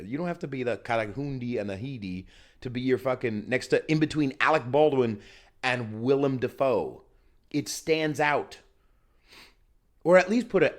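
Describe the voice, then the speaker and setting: A man hosting a solo podcast, ranting and riffing with lots of profanity while getting over a cold. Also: medium pitch. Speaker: podcast host. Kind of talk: solo comedic podcast rant. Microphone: filming himself on camera.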